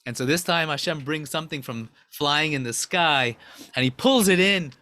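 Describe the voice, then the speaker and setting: A man giving a Torah class who acts out a story with rising excitement. His voice sits a bit high and sounds bright. The recording is dry and close. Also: moderate pace, no room sound. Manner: excited, dramatic retelling. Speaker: Torah teacher.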